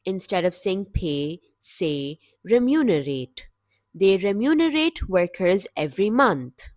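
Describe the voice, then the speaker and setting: Teaching English vocabulary from a script, a woman speaks slowly and clearly, one word at a time, in a mid-range, sing-song, slightly mellow voice. There's no room sound, and the quality is that of a studio.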